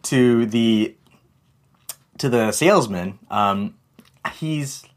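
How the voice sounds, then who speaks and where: Guy doing a casual marketing tip vid, rambly, lots of little laughs and restarts, mid-pitched voice. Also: drawn-out words. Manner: rambling, chuckling, hesitant with many restarts. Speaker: marketing vlog host. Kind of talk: casual talking-head tip video.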